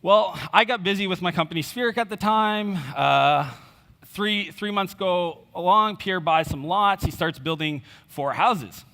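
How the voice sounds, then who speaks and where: Bright-voiced man telling a story on stage. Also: sits high, unhurried, creaky. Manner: conversational, with fillers and quoted dialogue. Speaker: conference speaker. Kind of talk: storytelling keynote talk. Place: conference stage in a large hall. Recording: reverberant hall.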